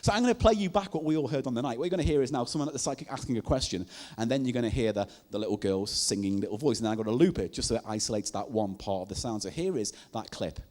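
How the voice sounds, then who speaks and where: A man doing stand-up comedy at a live show, telling stories in an animated way and laughing at his own jokes. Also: mid-range voice, rapid-fire, hardly any pauses. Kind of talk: comic storytelling on stage. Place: live comedy night in a venue.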